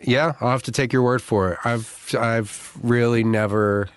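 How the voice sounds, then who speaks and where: A man's voice: mid-range voice, steady tone, unhurried, clear, resonant tone. A middle-aged man on a podcast, chatting loosely with lots of restarts and fillers. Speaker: podcast co-host. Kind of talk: casual chat.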